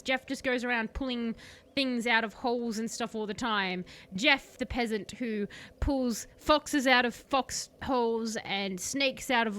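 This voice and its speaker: A woman's voice: fairly high pitch, a bit bright. A woman streamer improvising a comic story, rambling and correcting herself as she goes.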